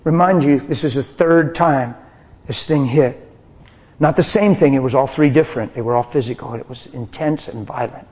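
A middle-aged man preaching a testimony sermon, passionate, swinging from hushed whispers to loud cries. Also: medium pitch, normal speed.

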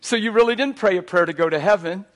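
High-voiced, fervent preacher man. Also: fast talker. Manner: animated, rising to near shouts. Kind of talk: sermon.

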